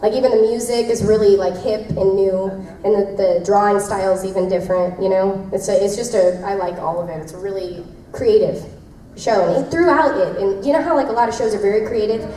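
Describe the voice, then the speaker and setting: A young woman voice actress fields fan questions at a convention panel, bubbly and rambling with lots of fillers and laughter. Her mid-range voice is brisk and warm, heard distantly in an echoey convention room with faint noise.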